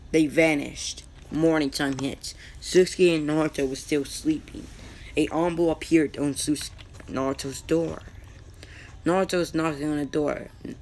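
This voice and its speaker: A man tells his own anime fan-fiction story out loud, unhurried and improvised. His voice is rough and gravelly, sitting a little high. He talks casually, with slang, and stops to correct the names he trips over. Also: a little hiss or hum.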